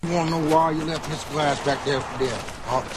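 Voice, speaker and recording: An actor playing a brutal, drawling frontier trapper. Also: male voice, fairly high pitch, fairly even intonation, brisk, close to an everyday voice. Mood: menacing. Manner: threatening, drawling. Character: menacing frontier trapper, grown man, brutal. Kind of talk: film dialogue. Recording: film audio with loud outdoor noise.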